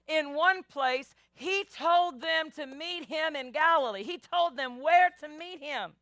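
A woman pastor preaching a sermon, animated, acting out biblical voices and calling the congregation y'all. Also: high voice, slow pace, hardly any pauses, dry recording, clean studio sound.

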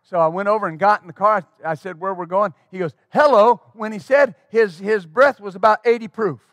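A middle-aged man pastor telling a folksy story in a sermon, animated and full of restarts. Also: sits high, brisk, no room sound. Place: church.

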